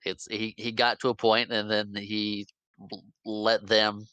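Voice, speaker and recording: A man co-hosting a podcast, chatting about a film with stammering restarts and quick agreement. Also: on the low side, little pitch movement, pushed and bright, clean tone, no room sound. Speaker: podcast co-host. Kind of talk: casual movie review chat.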